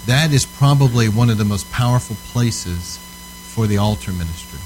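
Male preacher, lower register, conversational sermon delivery, earnest and emphatic. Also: animated, normal speed, darkish tone, a little hiss or hum, poor audio. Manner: casual storytelling, checks in with "Okay?". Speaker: preacher teaching on altar ministry.

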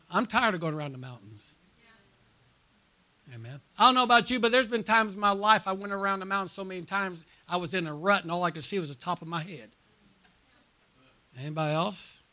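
A middle-aged pastor gives a sermon at a church conference in a very bright voice pitched a touch high. Through a personal story he keeps throwing questions to the congregation, building to loud, excited climaxes and dropping to quiet, low asides.

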